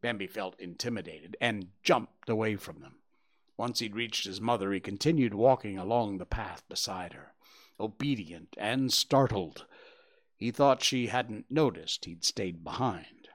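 A man reading a children's story aloud with expressive, gentle narration. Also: on the low side, unhurried.

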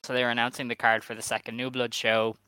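A man co-hosting a casual podcast, walking through the news in a steady, methodical way with "um" fillers. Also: medium pitch, fast talker, clear, resonant tone, no room sound. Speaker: podcast co-host.

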